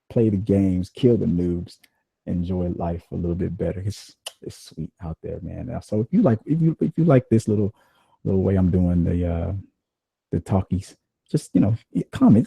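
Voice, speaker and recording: A man hosts his podcast in a loose, profane rant that wanders from point to point. His voice sits low and dark, with a gravelly, husky edge. His pitch swings widely as he talks. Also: no echo. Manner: profane, animated, rambling. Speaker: podcast host. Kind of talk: casual ranting chat.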